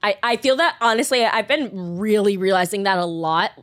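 A woman's voice: mid-range voice, lively intonation, normal speed, a bit bright. A woman co-hosting a podcast in casual chat, frank and candid, swearing freely. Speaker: podcast co-host.

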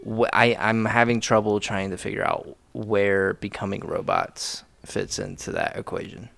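A man co-hosting a casual podcast, tipsy, rambling and laughing, his voice jumping high when excited. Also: normal speed, vocal fry, no room sound. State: intoxicated. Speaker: podcast co-host.

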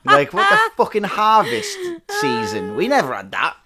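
A man's voice: sits high, huge pitch swings, moderate pace, bright, forceful tone, soft background music. Sweary, jokey man chatting. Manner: sweary, jokey, slips into mock accents. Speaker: podcast co-host. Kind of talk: casual chat.

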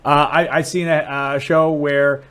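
A man's voice: measured pace, clear, resonant tone. A man from Ohio, a comedian, chatting casually on a podcast and telling stories with a lot of restarts and swearing. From Dublin, Ohio, USA. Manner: animated storyteller, voice jumps high and loud when acting out people. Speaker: comedian guest.

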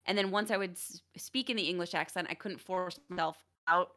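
A young adult woman chatting casually on a stream, lively and quick to laugh. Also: fairly low pitch.

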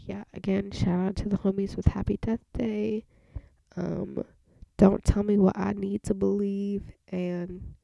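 A young woman in her twenties with a faint southern twang talks through a solo podcast on a home mic, her voice dark and full of fry. She drifts and restarts often, breathy and half-hushed, as if her voice is giving out. The sound is close and dry. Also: medium pitch, no room sound. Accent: slight southern twang. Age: 20s. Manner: rambling, lots of fillers and restarts, soft breathy delivery. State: voice going out. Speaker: podcast host. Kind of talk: casual solo podcast rant. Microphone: home microphone.

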